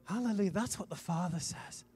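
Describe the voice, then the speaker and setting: Man preaching, high-pitched, emphatic swells, long hall reverb, from wales. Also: animated, normal speed. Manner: emphatic, conversational preaching with sudden loud swells. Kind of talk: sermon.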